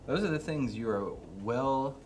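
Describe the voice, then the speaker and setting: A young man bantering with his partner, teasing her with dry deadpan humor. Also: mid-range voice, unhurried, a little hiss or hum. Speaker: partner joining the vlog. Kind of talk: casual banter.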